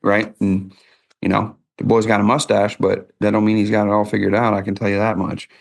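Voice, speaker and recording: Gravelly low-voiced man. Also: little pitch movement, brisk. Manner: conversational, folksy storytelling. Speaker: podcast host. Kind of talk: casual podcast interview.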